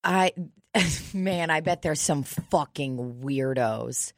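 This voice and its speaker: A young woman with a deep voice hosting a podcast, telling a story in a brash, swearing rant. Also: slow pace, dry recording, studio quality. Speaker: podcast host. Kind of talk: casual comedic chat.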